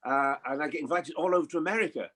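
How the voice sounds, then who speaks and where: A man in his seventies chatting as a guest, telling lively stories with chuckles and impressions. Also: fairly high pitch, racing, a little hiss or hum. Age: 70s. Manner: lively storyteller, chuckling, mimics voices. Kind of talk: anecdotal chat.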